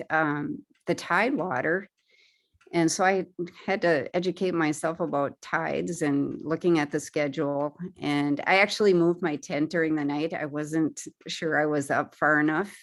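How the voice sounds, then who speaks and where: A woman's voice: low voice, unhurried. A woman speaking as a guest at a paddling club, casually describing her trip and pointing out pictures on her slides, with frequent fillers and restarts.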